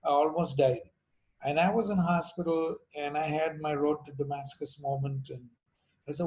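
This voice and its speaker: A man's voice: a little high, fairly even intonation, moderate pace, a little mellow, poor audio. A middle-aged man from India telling his recovery story to a meeting, with dry jokes and asides along the way.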